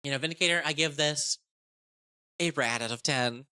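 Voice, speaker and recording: Excitable, swearing woman with a bright voice. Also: deep voice, normal speed, smooth. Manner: chatty, excitable, profane, with rambling restarts. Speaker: game content creator. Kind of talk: casual tabletop game review.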